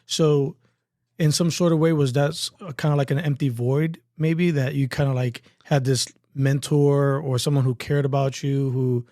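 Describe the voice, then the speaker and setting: A man's voice: medium pitch, steady tone, moderate pace, mellow, no room sound, clean studio sound. A man hosting a podcast, asking a guest questions in a hesitant, searching way. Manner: hesitant, searching phrasing with fillers. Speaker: podcast host. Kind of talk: interview questions.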